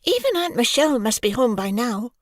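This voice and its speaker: A narrator voicing a sleepy, curious young girl in a children's audiobook, sometimes dropping to a breathy whisper. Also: mid-range voice, big pitch swings, brisk, no echo, pitched above the performer's own voice. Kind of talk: audiobook character voice.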